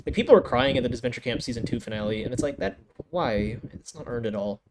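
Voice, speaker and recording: A man's voice: medium pitch, animated, fast talker. A young man reviewing anime in a casual, profane rant full of restarts and exasperated outbursts. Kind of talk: casual ranking commentary. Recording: noisy home recording.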